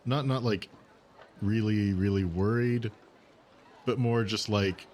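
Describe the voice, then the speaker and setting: A man playing in a tabletop game, hesitant and thinking out loud with many fillers. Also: fairly low pitch, takes it slowly, slight background noise. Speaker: player. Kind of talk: casual tabletop role-play.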